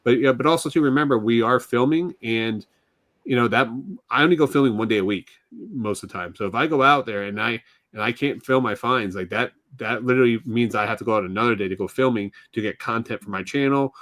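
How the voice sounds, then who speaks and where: A man's voice: medium pitch, brisk, fairly bright tone, no room sound. A man co-hosting a casual live podcast chat, telling long, rambling stories in a chatty way. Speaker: podcast co-host.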